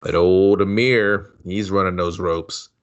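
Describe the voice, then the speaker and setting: A man's voice: low-pitched, steady tone, takes it slowly. A man co-hosting a casual movie review podcast, laying out plot points with quoted dialogue. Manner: laid-back plot recaps with quoted dialogue. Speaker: podcast co-host. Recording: dull, lo-fi sound.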